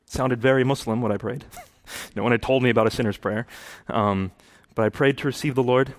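A man's voice: medium pitch, steady tone, fairly quick. A man giving a sermon about his own conversion, telling it earnestly and rising to impassioned preaching. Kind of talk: testimony sermon.

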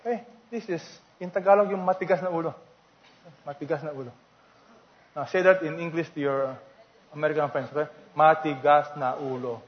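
A pastor with a notably high voice preaches to his congregation, quizzing them and drawing out the words he wants to stress. The recording is dull and lo-fi. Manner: preacher asking the congregation questions, stretching key words. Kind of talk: sermon.

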